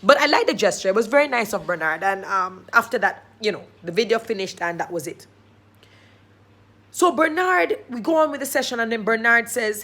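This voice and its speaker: A young woman with a Jamaican accent, hosting and telling a personal story in a casual, animated way, acting out her thoughts and other people's lines. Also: fairly high pitch, a little fast. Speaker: host.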